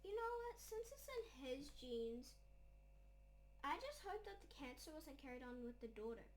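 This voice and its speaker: A woman's voice: high-pitched, very animated, moderate pace, slight background noise. A woman hosting a reaction video, talking in an earnest, emotional and rambling way. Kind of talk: casual reaction commentary.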